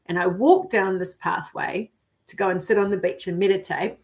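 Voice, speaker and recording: A middle-aged woman vlogging, telling a personal story in a casual, animated way, giggling and swearing now and then as she acts out her own thoughts. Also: medium pitch, normal speed.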